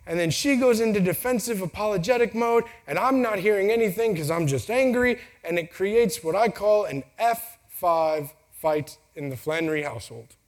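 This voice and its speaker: Man, 30s, speaker at a live talk, a bit higher voice, jokey storyteller who acts out voices. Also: lively intonation, moderate pace, few pauses. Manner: joking, storytelling, acts out quotes. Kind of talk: casual motivational talk. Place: venue with a timer for speakers.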